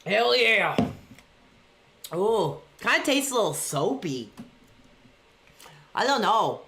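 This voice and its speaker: Bright-voiced woman streaming live. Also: medium pitch, slow pace. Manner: chatty, reads out chat messages between excited play-by-play reactions. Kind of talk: casual live-stream chat reacting to a wrestling show. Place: dark room at home.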